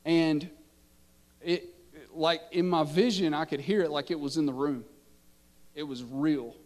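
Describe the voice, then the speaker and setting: A man, a pastor telling a story in his sermon and building from quiet narration to impassioned preaching. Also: on the high side, steady tone, measured pace, long reverb tail. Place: church sanctuary.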